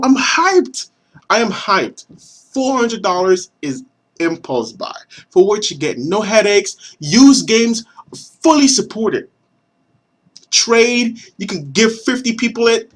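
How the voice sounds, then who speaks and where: Excited young man ranting about gaming. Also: sits high. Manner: animated, swearing, stumbling restarts. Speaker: gaming vlogger. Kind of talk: excited rant to camera.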